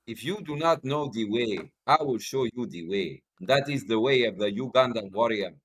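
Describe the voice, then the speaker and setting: A man's voice: mid-range voice, lively intonation, normal speed, natural voice, rough recording. A man voicing a boastful mock Ugandan warrior in a put-on African accent, speaking in a solemn, proclaiming way.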